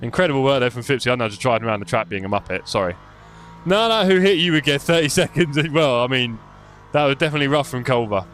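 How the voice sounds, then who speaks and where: A man's voice: medium pitch, expressive, quick pace, a bit bright, a little hiss or hum. A young man live-streaming sim racing, chatty and self-mocking, calling the race as he drives.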